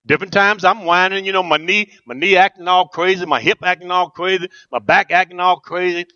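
A man's voice: high voice, steady tone, a little fast, bright, forceful tone, dull audio. A middle-aged man preaching a rousing sermon as pastor, asking the church questions and answering them.

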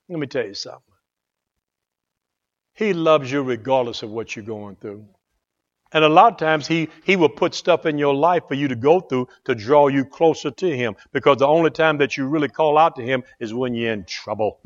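A man preaching a fervent sermon as pastor, swinging from hushed asides to loud exclamations. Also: a little high, moderate pace, highs cut off.

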